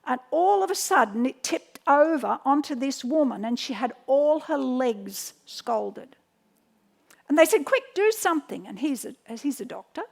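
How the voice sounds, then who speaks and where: A woman's voice: high voice, unhurried, vocal fry. A middle-aged woman, teaching home remedies through chatty anecdotes with many restarts. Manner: storytelling, animated quotes, frequent restarts. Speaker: health educator.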